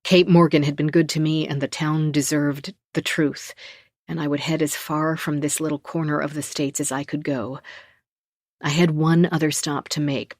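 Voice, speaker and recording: Measured woman narrating a thriller audiobook. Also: low voice, no room sound, studio quality. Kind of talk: first-person thriller narration. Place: dry recording booth. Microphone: close studio mic.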